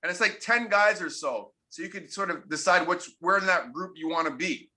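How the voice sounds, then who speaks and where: Speaking at normal speed in a high-pitched, pushed and bright voice, the ex-hockey pro from Canada, now in his forties, shares candid interview stories. He hammers his points home by repeating them emphatically.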